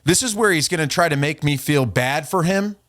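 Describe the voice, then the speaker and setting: A man's voice: a little high, lively intonation, fairly quick, fairly bright tone. A man hosting a podcast, casually recounting an online argument in a profane, trolling way and reading messages aloud. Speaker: podcast host. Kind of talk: casual storytelling.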